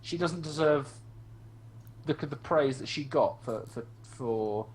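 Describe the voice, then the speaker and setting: A man's voice: medium pitch, takes it slowly, darkish tone. A man in a casual online group discussion, talking heatedly with swearing and mocking the voices of people he argues against. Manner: heated, profane, mimics opponents in mocking voices.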